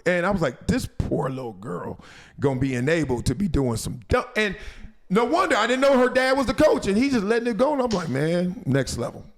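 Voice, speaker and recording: A man hosting a podcast, telling a story in casual chat, animated and laughing as he acts out quotes. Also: high voice, brisk. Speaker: podcast host.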